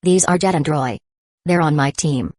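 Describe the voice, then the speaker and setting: A woman's voice: deep voice, moderate pace, no echo, clean studio sound. A woman voicing an eager, bubbly young bookish girl in an audiobook reading. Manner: eager, bright.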